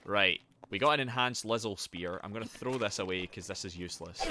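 A man streaming a video game live. He is excitable and sweary, and chats to his viewers while he plays. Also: fairly low pitch, normal speed. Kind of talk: live gameplay commentary.

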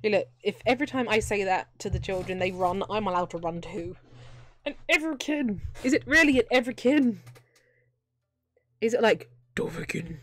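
Her voice sits in the mid-range, with lively intonation and a slightly fast delivery. As a streamer playing a video game, this young woman keeps up a running stream of chatty talk and joking asides, laughing often along the way.

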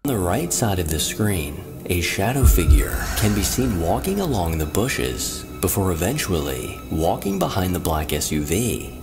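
A man giving scripted narration in a measured, informative delivery. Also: sits low, very animated. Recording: narration over music.

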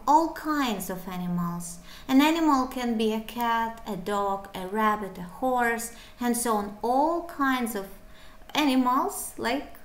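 Slow, echoey woman teaching English words. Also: mid-range voice, fairly bright tone. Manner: slow, clearly spelled-out words with playful acted examples; speaks simple, non-native English. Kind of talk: slow vocabulary lesson for beginners. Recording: echoey room.

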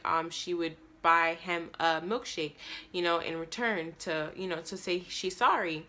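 Bright-voiced young woman telling a story. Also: on the low side. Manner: rambling, animated storytelling with many restarts. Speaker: vlogger. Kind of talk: storytime vlog.

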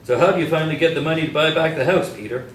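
A man's voice: a little high, racing, fairly bright tone, natural voice. A man voicing a dry sarcastic talking dog. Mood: wry. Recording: echoey room, distant mic, faint hiss.

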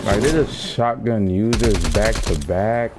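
A man giving casual, excitable commentary over his own shooter gameplay, trash-talking opponents and calling out to his viewers. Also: lowish voice, unhurried. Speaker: gaming streamer. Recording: game gunfire noise behind voice. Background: clear gunfire and game sounds.

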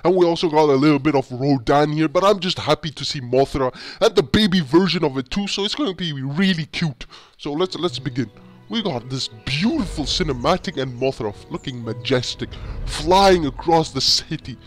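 A man hosting a reaction channel, giving excitable commentary and talking straight at the screen. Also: on the high side, moderate pace, no room sound, faint music behind. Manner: excitable, talks to the screen with "yo" and "bro".

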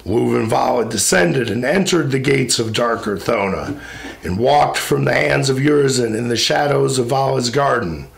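A man recites epic verse with a gravelly, mid-pitched voice. His delivery is solemn and measured, each line carried in a steady rhythm.

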